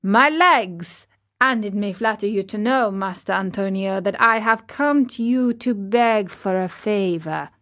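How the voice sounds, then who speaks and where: A woman voicing a hot-tempered little old carpenter, quarrelsome and quick to take offence, in a storybook reading. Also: mid-range voice, fairly bright tone, lightly acted. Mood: eager. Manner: quarrelsome, indignant.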